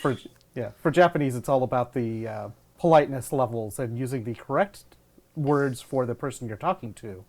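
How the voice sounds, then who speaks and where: A player in a tabletop game group, explaining things in a measured, casual way. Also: mid-range voice, a little mellow.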